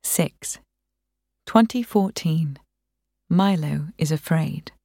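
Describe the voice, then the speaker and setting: A woman narrates a first-person novel in a calm, measured voice, set a little low. She reads very slowly, and the recording is dry and close. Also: dry recording. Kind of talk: audiobook reading.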